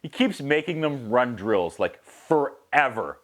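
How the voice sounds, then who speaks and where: A man from Canada, casually recapping a movie as a reviewer, lively and mimicking sound effects. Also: mid-range voice, slow pace. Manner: animated, mimics whistles and acts out quotes.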